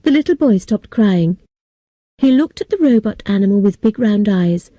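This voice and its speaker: Dark-voiced woman reading an audiobook. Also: medium pitch, moderate pace, no room sound, dull audio. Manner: clear and steady, for language learners. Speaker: audiobook narrator. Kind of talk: scripted narration.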